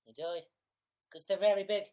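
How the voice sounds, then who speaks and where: A man's voice: high-pitched, fairly even intonation, normal speed, dark tone, voice pushed up, natural voice. A man voicing a sheepish young male gamer confessing to a priest in an improvised comedy sketch. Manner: sheepish, apologetic.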